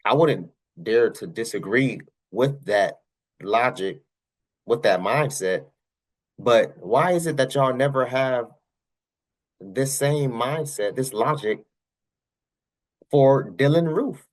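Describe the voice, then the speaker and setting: A man's voice: mid-range voice, lively intonation, slow pace, long pauses. A young man hosting his channel, giving casual commentary on news clips. He talks straight to his viewers, repeats himself and fires off rhetorical questions. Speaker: channel host.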